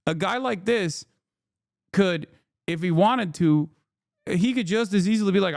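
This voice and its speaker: A man streaming casual commentary, incredulous and profane, with frequent loud exasperated outbursts. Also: high voice, measured pace, vocal fry, pauses often, no echo, studio quality. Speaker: streamer reacting to news.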